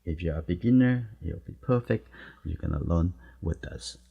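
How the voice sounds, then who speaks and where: Deep husky guy talking thru a watercolor demo, short soft encouraging bits, kinda muffled recording. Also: expressive, normal speed. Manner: soft-spoken, encouraging, talks while painting in short phrases. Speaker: watercolor teacher. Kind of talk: live painting demonstration.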